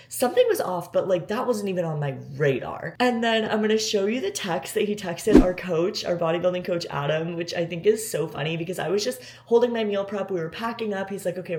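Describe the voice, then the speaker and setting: Young woman, vlog storytelling, emotional, close to tears, filler-heavy, slightly low voice. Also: a little mellow. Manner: many fillers like "like". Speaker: vlogger.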